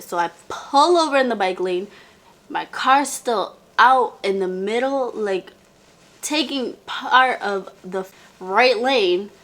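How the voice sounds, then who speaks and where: A woman's voice: mid-range voice, fairly bright tone. A young woman telling a casual storytime to her viewers, chatty and full of "like" fillers, calling the viewer "girl".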